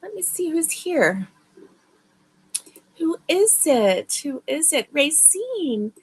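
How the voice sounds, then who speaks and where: A woman with a slightly high voice hosts a crochet livestream. She talks slowly and sounds tired, with yawns between her chatty greetings to viewers. It sounds like she is speaking into a livestream webcam mic. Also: sing-song. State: tired and yawning. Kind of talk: casual livestream chat.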